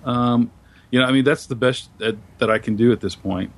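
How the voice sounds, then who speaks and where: A man on a podcast panel, speaking thoughtfully and hesitantly with many pauses and ums. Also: mid-range voice, steady tone. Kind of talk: casual panel discussion.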